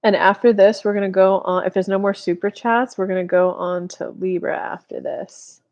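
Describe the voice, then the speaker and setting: A woman's voice: medium pitch, steady tone, normal speed, highs cut off. A woman in her thirties giving a casual live-stream tarot reading, chatty, full of "like", acting out little made-up dialogues as she talks. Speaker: tarot reader.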